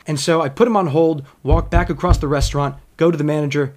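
A man telling a comic story in a monologue, with an animated, self-mocking, frank delivery. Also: a little high, quick pace, hardly any pauses.

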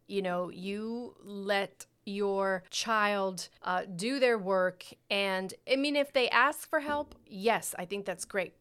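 A woman's voice: mid-range voice, fairly bright tone, clear, resonant tone. A woman hosting a podcast, a mother herself, who gives parenting advice in an emphatic, encouraging way. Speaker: podcast host. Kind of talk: casual chat.

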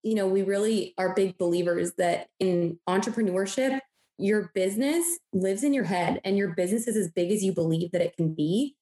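A woman's voice: mid-range voice, normal speed, mellow. A woman co-hosting a podcast, speaking in an upbeat, encouraging way about mindset. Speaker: podcast co-host. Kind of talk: motivational podcast chat. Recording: echoey room.

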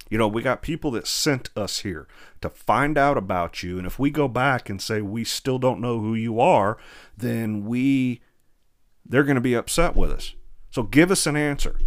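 Man preaching verse by verse. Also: medium pitch. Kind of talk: verse-by-verse sermon.

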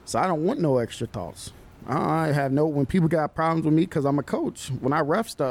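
Gravelly-voiced young man, relaxed storyteller. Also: a little high, a little fast. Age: young adult. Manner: animated storyteller, relaxed slangy speech. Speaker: basketball coach and guest. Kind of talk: casual podcast conversation.

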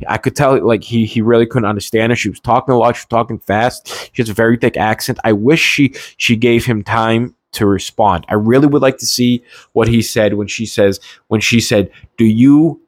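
A man's voice: medium pitch, fairly even intonation, brisk, few pauses, dry recording. A man giving a heated, indignant political rant in a casual, rambling way, often restarting his sentences. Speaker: political commentator.

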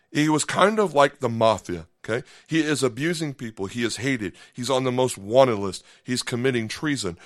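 A man's voice: mid-range voice, dry recording, studio quality. A man preaching a podcast sermon in a conversational way, acting out short voiced asides and often checking in with "okay?". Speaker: pastor.

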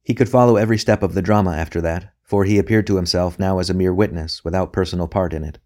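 A man reading a novel aloud as an audiobook narrator, in a measured, even manner. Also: sits low.

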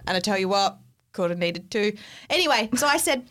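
A young woman, co-hosting a podcast and telling a story in a casual, animated, exasperated way, swearing freely. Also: mid-range voice, fast. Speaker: podcast co-host.

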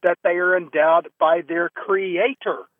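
A man calling in to a radio show, reciting in a rushed, stumbling way. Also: sits high, steady tone, no echo. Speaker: caller. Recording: tinny phone line.

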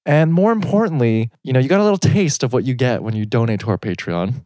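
A man co-hosting a podcast in casual chat, animated and laughing often, with plenty of filler words. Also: mid-range voice, quick pace, dry recording, clean studio sound. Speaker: podcast co-host.

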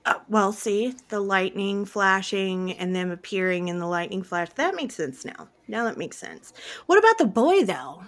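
A woman hosting a podcast in casual chat, expressive and gushing, with frequent exclamations. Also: medium pitch, unhurried, few pauses. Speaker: podcast host.

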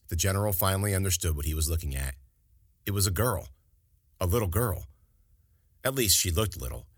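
A man narrating a fantasy story as an audiobook in an expressive, dramatic reading. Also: low-pitched, breathy edge, dry recording, clean studio sound.

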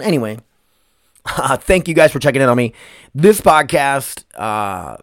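A man's voice: mid-range voice, very animated, moderate pace, no echo, clean studio sound. A man hosting his own podcast, rambling, swearing and emotional, calling the listeners "you guys.". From United States. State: emotional, choked up. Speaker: podcast host. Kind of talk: casual solo podcast monologue.

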